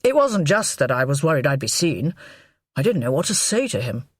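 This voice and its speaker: A woman's voice: sits low, very animated, brisk, breathy edge, no echo, studio quality, full character voice. A woman reading an audiobook, voicing a middle-aged husband who talks doggedly and a little defensively. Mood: explaining. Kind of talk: audiobook character voice.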